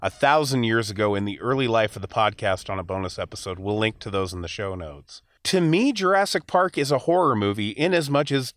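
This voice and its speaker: A man hosting a movie podcast talks frankly about films he disliked. His pitch moves a lot as he talks. The sound is dry and close to the mic. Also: lively intonation, a little fast, few pauses, no room sound. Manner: opinionated, frank, with fillers. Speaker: podcast host. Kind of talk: casual movie review chat.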